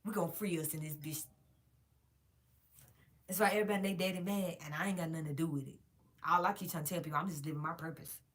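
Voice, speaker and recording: A woman's voice: fairly low pitch, steady tone, fast, pauses often, fairly bright tone. Profane, emphatic woman vlogger. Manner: emphatic, profane, addresses viewers as y'all. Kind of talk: casual rant to viewers.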